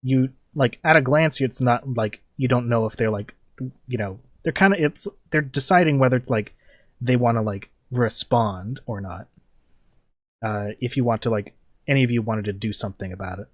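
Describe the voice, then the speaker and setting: A man's voice: medium pitch, normal speed, no echo. A young man narrating as game master at a tabletop game, talking loosely with many fillers. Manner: loose and rambling, full of fillers.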